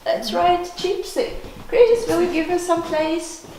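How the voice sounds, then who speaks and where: High-voiced Russian-accented woman teacher, slow and echoey. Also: a little mellow. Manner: patient, sing-song syllable chanting. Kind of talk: classroom demonstration lesson. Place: classroom. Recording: echoey classroom with background noise.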